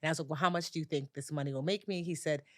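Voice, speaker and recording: Woman telling a story on a podcast, kinda low voice, jumps way up when she acts out what people said, dry sound. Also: rapid-fire, no echo. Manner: animated storyteller, acts out dialogue with big pitch jumps. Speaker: personal finance educator, podcast guest. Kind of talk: storytelling in a conversational interview.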